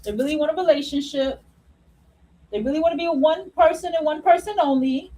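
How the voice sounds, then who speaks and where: A woman's voice: high voice, warm tone, rough recording. A woman hosting an unscripted opinion monologue, blunt and profane. She laughs at her own points and repeats phrases for emphasis. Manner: repeats phrases for emphasis, drawing words out slowly. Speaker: host.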